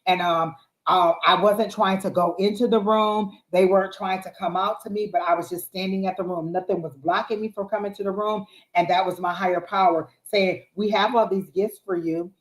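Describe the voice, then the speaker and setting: A woman's voice: medium pitch, fairly even intonation, brisk. A woman giving live psychic tarot readings, talking in an encouraging, repetitive way with frequent fillers. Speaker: psychic reader. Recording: roomy echo.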